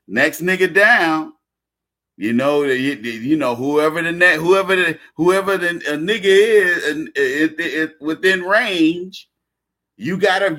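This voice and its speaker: A man's voice: on the high side, sharp tone. A man delivering a casual monologue rant, blunt and slangy, repeating himself and restarting phrases.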